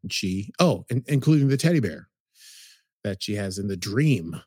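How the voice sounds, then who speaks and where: A man co-hosting a podcast, retelling a TV episode in a casual, animated way. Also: fairly low pitch, husky, no echo, studio quality. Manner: animated storytelling, slips into quick quoted voices. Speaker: podcast co-host recapping a TV episode. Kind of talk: casual recap chat.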